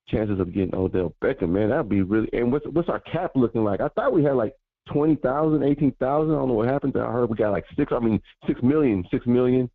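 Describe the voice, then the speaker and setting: A man calling in to a sports show, relaxed and friendly, with some hesitant pauses. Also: medium pitch, no room sound. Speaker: caller. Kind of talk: phoned-in fan talk. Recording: tinny phone line.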